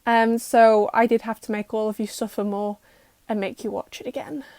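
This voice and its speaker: A woman's voice: a little high, little pitch movement, normal speed, darkish tone, dry recording. Sarcastic young woman. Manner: sarcastic, exasperated roasting with mock quotes. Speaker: YouTuber reacting to a cartoon. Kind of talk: comedic episode recap.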